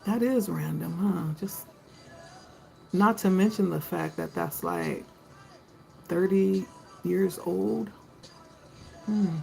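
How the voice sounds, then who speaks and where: A woman's voice: on the low side, very animated, slow pace, gravelly, pauses often, dark tone, soft background music, low-quality recording. A woman hosting a live tarot stream, chatting casually and greeting viewers by name.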